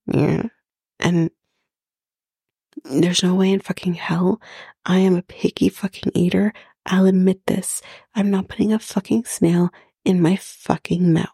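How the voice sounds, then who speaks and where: A woman's voice: on the low side, little pitch movement, unhurried, long pauses, warm tone, breathy edge, dry recording, studio quality. A woman hosting a podcast, recapping a reality show in casual chat, blunt and mocking, swearing freely. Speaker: podcast host.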